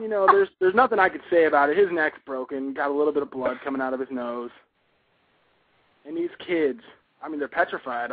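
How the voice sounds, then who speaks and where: A young man calling in and telling a story in a casual, rambling way, offhand and matter-of-fact even about grim details. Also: a little high, slightly rough, no room sound. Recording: tinny dry phone line.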